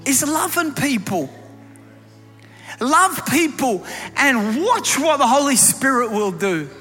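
Male preacher, emphatic storyteller, bright tone, echoing hall with faint music behind. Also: very high-pitched, sing-song, slow pace, husky. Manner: emphatic, swinging from quiet to loud. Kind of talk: storytelling sermon.

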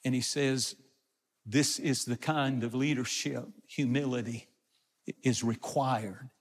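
A man's voice: medium pitch, steady tone, takes it slowly, in a large hall. A man preaching a sermon, retelling scripture and explaining it in plain everyday words. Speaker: pastor.

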